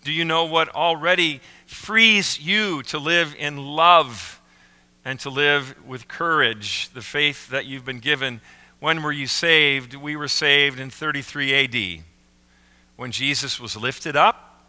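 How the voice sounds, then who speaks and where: A man preaching a sermon as pastor, slowing down and leaning on key words. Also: a little high, sharp tone. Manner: slow emphatic phrasing with pauses on key words. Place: church sanctuary. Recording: reverberant church sanctuary.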